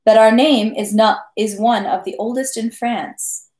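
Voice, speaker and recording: A woman's voice: fairly high pitch, fairly even intonation, unhurried, darkish tone, echoey room, lightly acted. A woman reading aloud and voicing a merry, boastful male French army captain who talks in an effusive, insistent way. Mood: expansive.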